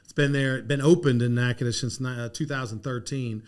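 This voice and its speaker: A middle-aged man from Louisiana, a podcast guest telling stories in a lively, casual way. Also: mid-range voice, a little fast. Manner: lively anecdotal, laughs through his stories. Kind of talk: casual storytelling interview.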